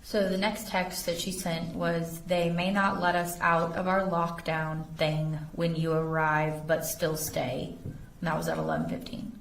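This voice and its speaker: A woman with a deep, low voice gives courtroom testimony, reading messages aloud in a steady, factual manner. She is picked up from a distance, and the courtroom around her echoes with faint background hum. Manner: reads text messages aloud in a measured, factual way. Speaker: investigator testifying as a witness. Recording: roomy courtroom audio from a distance.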